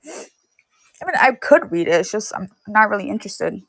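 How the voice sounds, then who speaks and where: A woman's voice: mid-range voice, sing-song, moderate pace, creaky, a bit bright, no room sound. A young woman with a sore, itchy throat, chatting casually on a livestream while selling DVDs and VHS tapes, rambling with lots of fillers. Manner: rambling, filler-heavy storytelling.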